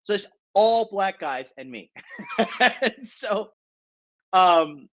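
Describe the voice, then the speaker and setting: A man's voice: sits high, expressive, very slow, a bit bright, muffled recording. Profane rambling guy telling a story. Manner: profane, rambling, keeps asking "right?". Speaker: podcast storyteller. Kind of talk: casual storytelling.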